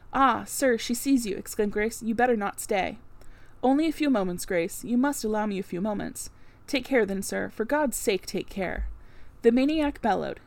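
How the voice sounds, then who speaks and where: A woman's voice: medium pitch, gravelly, darkish tone. Woman reading a classic novel aloud. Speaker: audiobook narrator. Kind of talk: scripted narration of a classic novel.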